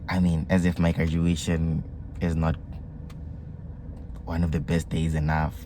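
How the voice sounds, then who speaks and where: Deep-voiced South African young man. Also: a little slow, a little hiss or hum. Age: young adult. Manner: excitable, mixes slang and local words. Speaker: vlogger. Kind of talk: casual storytelling vlog.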